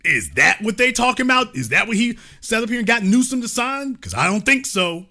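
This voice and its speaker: A male host talking through played clips with a high, bright voice that swings widely in pitch. He sounds animated and incredulous, then turns to explaining. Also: a little fast. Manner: explaining, lecturing.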